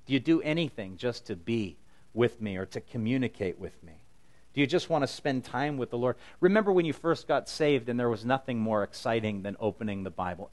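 A middle-aged man delivers a sermon in an earnest, conversational manner. His voice sits at an ordinary pitch, and he slips into paraphrased quotes as he talks. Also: a little mellow. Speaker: pastor.

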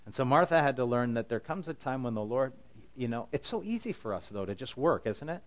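A man's voice: mid-range voice, big pitch swings, fairly quick. Earnest man preaching a sermon. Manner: earnest, conversational preaching with paraphrased quotes. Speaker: pastor.

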